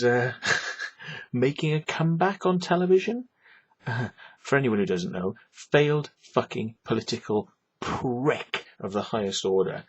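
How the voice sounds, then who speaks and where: A man's voice: medium pitch, husky, dull audio. A man ranting on his vlog, profane, sarcastic and rambling. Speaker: vlogger. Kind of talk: ranting monologue.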